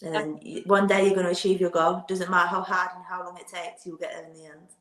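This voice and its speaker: A woman's voice: on the low side, little pitch movement, quick pace, a bit bright. British woman answering in a roomy room. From Britain. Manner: plain-spoken, hesitant restarts. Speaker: guest, professional boxer. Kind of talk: casual interview answers. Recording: roomy remote audio.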